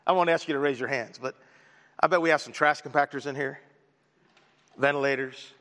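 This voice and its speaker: A man's voice: mid-range voice, steady tone, brisk, a bit bright, big-room sound. A male pastor preaching a sermon in a casual, conversational way, with joking asides.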